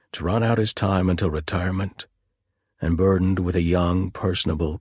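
A man narrating an audiobook in a very deep voice with a husky grain. The delivery is measured and even, recorded dry and close. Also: dry recording. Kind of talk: scripted narration.

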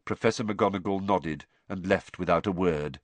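A man reading an audiobook in scripted narration, telling the story in a steady, expressive way. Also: low-pitched, moderate pace, dry recording.

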